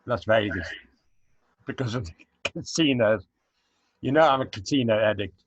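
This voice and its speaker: An older man from South Africa, a guest chatting casually in an interview, unhurried and reminiscing, with frequent hesitant fillers. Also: lowish voice, slight background noise. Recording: dull lo-fi recording.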